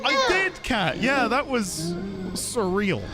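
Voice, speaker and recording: A man casually commenting while playing a game, chatty and quick to laugh. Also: extremely high pitch, over loud music. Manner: chatty, giggly, animated. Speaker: game streamer. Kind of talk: let's play commentary.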